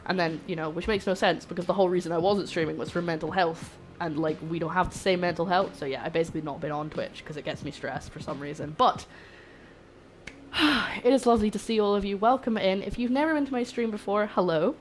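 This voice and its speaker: Brisk and lowish-voiced, a young woman greets her livestream viewers warmly and jokes around as she cooks at home. Soft background music accompanies her chatty, casual talk.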